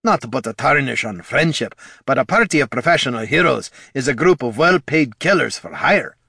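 A man's voice: mid-range voice, expressive, brisk, vocal fry, sharp tone, husky, dry recording, clean studio sound, pitched above the performer's own voice, full character voice. A man voicing a blunt, folksy veteran adventurer who worries about his party. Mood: earnest.

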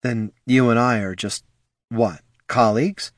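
A man's voice: medium pitch, steady tone, unhurried, dry recording, clean studio sound, close to an everyday voice. A man voicing a proud, angry young female sun mage, talking in a cold, clipped, scornful way.

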